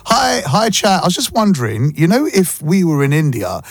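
A man with a London accent hosting a radio show, chatting casually and playfully, quick to laugh. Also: on the high side, very animated, creaky. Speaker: radio host. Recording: dry studio with faint music.

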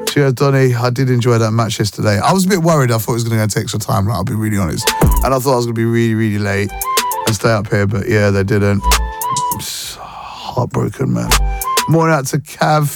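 A man's voice: medium pitch, quick pace, loud music behind the voice. A man hosting a casual morning radio chat, rambling along with slang and sing-song asides. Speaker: radio host.

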